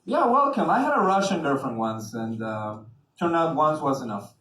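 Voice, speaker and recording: A man's voice: on the high side, very animated, moderate pace, fairly bright tone. A young man from Mexico doing a stand-up set as the evening's emcee, chatty and full of fillers, talking with the crowd. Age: young adult. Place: comedy club on stage. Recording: echoey club from a distance, noisy. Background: audience laughter.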